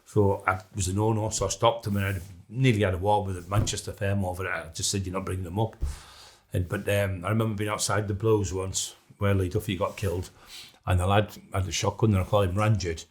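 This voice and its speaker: Casting note: middle-aged man, somewhat low voice, blunt documentary interviewee who rambles and restarts. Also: fairly even intonation, fast talker, slight background noise.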